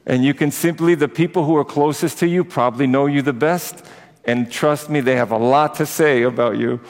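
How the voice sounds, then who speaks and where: A man's voice: medium pitch, steady tone, moderate pace. A priest giving a conversational sermon to his congregation, with personal asides. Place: church. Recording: echoey church with long reverb.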